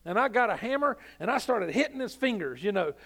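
A preacher playing a jealous, hot-tempered husband confessing at heaven's gate. His voice is high, and he speaks plainly and matter-of-factly. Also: very animated, fairly quick, fairly bright tone, full character voice.

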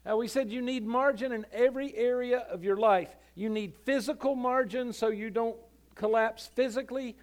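A man's voice: very high-pitched, steady tone, normal speed. A male senior pastor giving a sermon in a folksy, conversational manner.

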